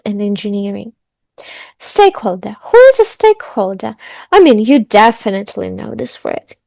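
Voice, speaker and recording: Woman, upbeat online English teacher, high voice, stresses key terms. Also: dark tone, dry recording.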